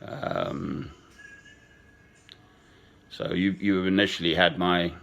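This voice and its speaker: Deep voiced guy in his sixties, slow rambly sentimental chat, chuckles now and then. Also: steady tone, creaky, a bit bright, slight background noise. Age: 60s. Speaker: speaker addressing a woman. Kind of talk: rambling personal monologue.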